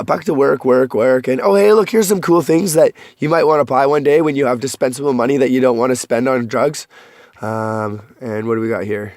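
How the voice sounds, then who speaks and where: A young man with a medium-pitched voice vlogs a rambling, profane confessional monologue, cracking dark jokes along the way. He's at a rural home at night, partly outdoors, and there's no echo.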